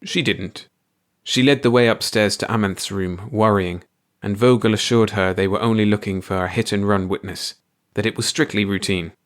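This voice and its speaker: A man reads a classic short story aloud in a steady, even manner. His voice sits low. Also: moderate pace. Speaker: audiobook narrator. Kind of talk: scripted story narration.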